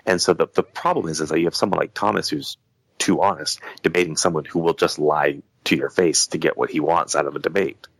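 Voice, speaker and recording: A man's voice: rumbling low, steady tone, a little fast, gravelly, dry recording, rough recording. A man in a casual podcast conversation, talking in a heated, rambling way with lots of restarts. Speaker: podcast guest.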